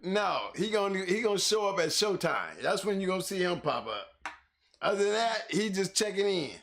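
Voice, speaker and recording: A man's voice: sits high, sing-song, moderate pace, creaky, fairly bright tone. A man co-hosting a casual dog-show talk, laughing hard and cursing freely. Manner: laughing, teary-eyed, profane. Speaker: podcast co-host. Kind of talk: casual chat. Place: on camera under a bright light.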